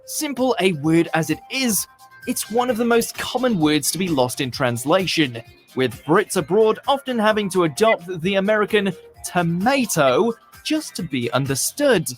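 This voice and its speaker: A man's voice: sits high, big pitch swings, normal speed, faint music behind. A British man reading a scripted list-video narration with dry, lightly joking delivery. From Britain.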